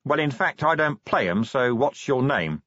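Brief: a man as a middle-aged watch commander for an audiobook, curt and barely contained, husky and dry. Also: mid-range voice, lively intonation, moderate pace, fairly bright tone, dry recording, muffled recording, voice pushed up. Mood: cold, curt. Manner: curt, sarcastic, barely holding his temper.

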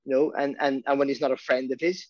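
A man's voice: mid-range voice, steady tone, fast talker, dry recording, dull audio. A man with a Welsh accent, a boxing commentator chatting casually and restarting his sentences often. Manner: rambling, many restarts and repeated words. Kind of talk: casual podcast chat.

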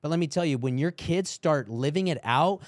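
A man's voice: fairly high pitch, animated, moderate pace, dry recording, studio quality. A man who is a minister and a father, a guest on a podcast, telling stories earnestly with some fillers. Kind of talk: casual Christian podcast talk.

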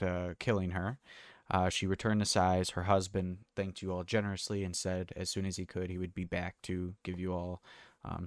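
A man narrating a tabletop game as game master, halting and full of fillers. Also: deep voice, no echo, studio quality.

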